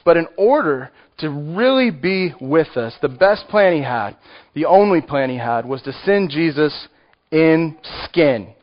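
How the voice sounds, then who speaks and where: A man with a Texan accent preaching a sermon, conversational and joking with the congregation. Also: on the high side. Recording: muffled lo-fi recording.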